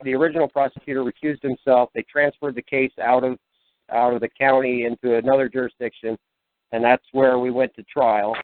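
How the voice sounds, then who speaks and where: A man of middle pitch calls in to a talk show and tells his story hesitantly, full of "uh" and "you know". His voice is dry and thin, squeezed through a phone line. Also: little pitch movement, brisk, no room sound. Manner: hesitant, with many fillers. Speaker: caller.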